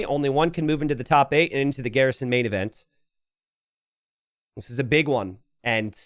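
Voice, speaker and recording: Animated man casting a game live. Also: a little high, no room sound, studio quality. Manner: rambling, self-deprecating, joking asides. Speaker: game caster and streamer. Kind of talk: live game commentary mixed with casual chat. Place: home streaming setup.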